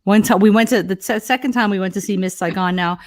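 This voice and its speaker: A middle-aged woman chats casually as a host, animated and quick to laugh. Her voice sits at an ordinary pitch and she tells her stories with plenty of energy. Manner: animated storyteller, laughs often. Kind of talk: casual chat.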